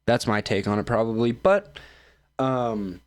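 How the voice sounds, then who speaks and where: A man rants through reaction commentary in a profane, rambling way, stumbling over fillers and restarts. His voice is mid-pitched, recorded close on a dry mic. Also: fairly even intonation, unhurried, no echo. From United States. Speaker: streamer and show host.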